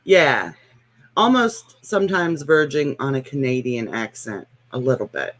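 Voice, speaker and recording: A woman's voice: extremely low pitch, expressive, a little slow. A woman with a Midwestern American accent, chatting in a dry, matter-of-fact way. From Southern United States. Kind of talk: casual chat.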